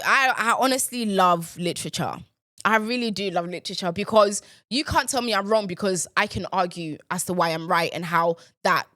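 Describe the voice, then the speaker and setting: A woman's voice: mid-range voice, fairly bright tone, no room sound, studio quality. A young woman hosting a casual solo podcast, chatty and playful, rambling into self-mocking asides. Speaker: podcast host.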